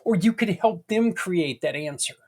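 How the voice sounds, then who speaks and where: A middle-aged podcast host with a high, slightly mellow, breathy voice speaks animatedly at a normal speed. His monologue is casual and folksy, rambling into asides.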